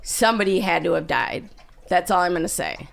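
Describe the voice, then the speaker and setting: Gravelly-voiced woman telling a story. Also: on the low side, a little fast. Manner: animated, acts out her own panicked lines. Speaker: podcast co-host. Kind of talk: casual storytelling chat.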